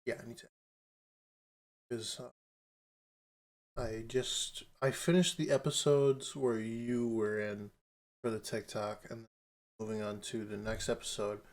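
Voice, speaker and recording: A man's voice: on the low side, unhurried, pauses often. Laughing man telling stories. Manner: animated storyteller, acts out quotes, laughs often. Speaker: podcast co-host. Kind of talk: casual chat.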